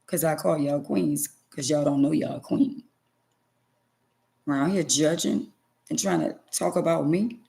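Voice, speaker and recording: A woman's voice: deep voice, a little slow, creaky, pauses often, warm tone. A middle-aged woman vlogger giving an emotional personal testimony to her viewers, emphatic and preachy, repeating phrases for stress.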